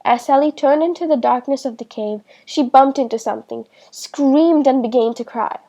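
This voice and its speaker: A woman reads a children's storybook aloud in a slow, clear way for beginners. Her voice is high and her tone is soft and mellow. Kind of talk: children's book read-aloud.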